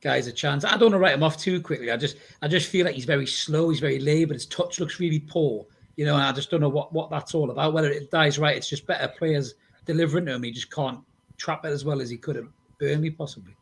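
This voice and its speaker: A man's voice: on the high side, fast, gravelly, husky. A man hosting a casual football podcast, bantering bluntly with mild swearing and leading the discussion. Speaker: podcast host.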